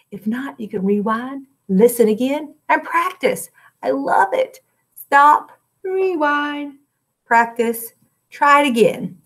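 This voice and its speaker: A woman's voice: high voice, fairly bright tone. A woman music teacher, recording a lesson for young children from her classroom, clapping and chanting rhythms and breaking into short sung lines.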